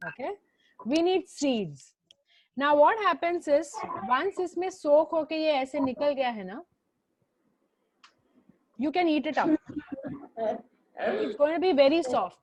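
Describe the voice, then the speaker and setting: A woman teacher with an Indian English accent runs an online class over a video call, her high-pitched voice animated and fast, with long pauses. She repeats instructions, switches into Hindi, and scolds students by name.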